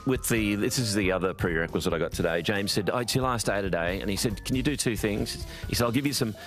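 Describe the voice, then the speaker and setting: A man's voice: fairly low pitch, quick pace, faint music behind. An Australian man co-hosting a radio show, telling jovial, self-deprecating stories. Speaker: radio co-host. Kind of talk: casual radio banter. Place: radio studio.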